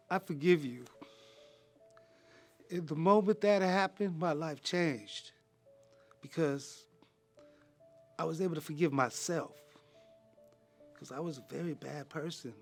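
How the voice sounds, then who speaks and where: Earnest, halting man in his fifties. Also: fairly high pitch. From California. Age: 50s. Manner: earnest, casual slang, halting with repeated words. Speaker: ministry program graduate. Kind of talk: personal testimony.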